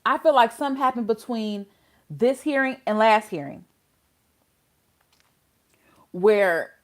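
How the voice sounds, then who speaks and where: A woman's voice: a little high, animated, slow pace. A woman hosting a casual legal commentary channel, exasperated and full of rhetorical questions.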